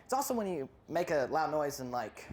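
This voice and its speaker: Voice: medium pitch, sing-song, brisk, a little mellow. A stand-up comedian who rambles through a routine, often losing their place and cutting in on themselves. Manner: rambling, loses place and self-interrupts.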